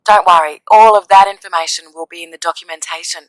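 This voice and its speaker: An actress playing a businesslike woman clerk who asks brisk questions in a scripted listening-test dialogue. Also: fairly low pitch, steady tone, no echo, close to an everyday voice, low-quality recording. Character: businesslike adult woman clerk filling in a form. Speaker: clerk taking details.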